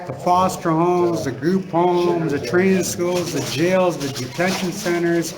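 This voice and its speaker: A middle-aged man telling a personal story to listeners, halting and repetitive, circling back on his words with many fillers. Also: high voice, poor audio. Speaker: speaker sharing a personal story. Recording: crowd noise audible behind.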